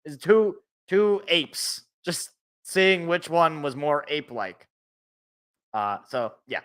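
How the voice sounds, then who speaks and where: A man hosting a sports podcast alone, ranting in a rambling, animated way and cutting himself off. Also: a little high, slow, smooth. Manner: rambling, animated, self-interrupting. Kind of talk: casual solo sports rant.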